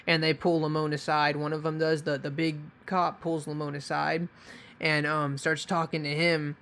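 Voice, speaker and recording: A man's voice: on the high side, little pitch movement, moderate pace, gravelly, fairly bright tone. A young man telling a story casually, rambling and swearing, with many fillers and restarts. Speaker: vlogger.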